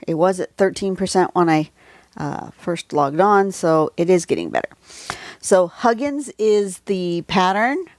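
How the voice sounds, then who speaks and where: A woman's voice: on the low side, animated, unhurried, darkish tone, no echo. A woman hosting a casual livestream drawing lesson, chatty and rambling with many asides, recorded on a phone at home. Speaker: drawing tutorial host.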